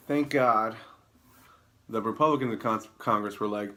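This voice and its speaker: A man hosting his own comedy show alone on camera, rambling through news headlines with deadpan, self-mocking asides. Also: fairly low pitch, slow, long pauses. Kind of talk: improvised comedic news rundown. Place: alone in a room, talking to camera.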